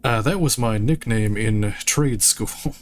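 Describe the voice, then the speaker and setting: A man's voice: lowish voice, takes it slowly. A man streaming a video game, reading dialogue options aloud with dry, jokey asides at a desk microphone. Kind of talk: casual gameplay commentary.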